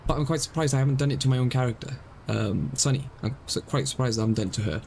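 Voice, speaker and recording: A man's voice: mid-range voice, very fast, gravelly, a little mellow, a little hiss or hum, low-quality recording. A young man streaming a game live, rambling and explaining himself self-consciously as he talks.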